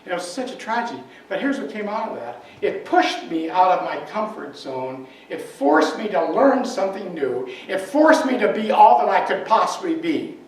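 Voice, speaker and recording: A man voicing a cheerful, widowed woman florist who talks about her life with heartfelt warmth, heard from far off in an echoey hall. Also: sits high, big pitch swings, normal speed, few pauses. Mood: reflective. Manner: upbeat, heartfelt storytelling.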